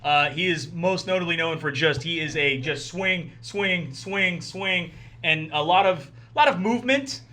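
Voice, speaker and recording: A man's voice: fairly high pitch, sharp tone. A man co-hosting a sports podcast in casual chat, laughing often and riffing with friends. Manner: laughs often, quick banter. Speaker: podcast co-host.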